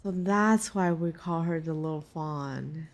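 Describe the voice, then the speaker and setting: A woman's voice: deep voice, measured pace. A woman streamer musing aloud as she plays a narrative game. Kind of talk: casual game commentary.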